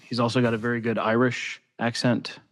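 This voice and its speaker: A man talking as a guest on a podcast, making dry, deadpan quips. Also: medium pitch, brisk. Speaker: podcast guest, former seminary student. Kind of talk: casual podcast chat.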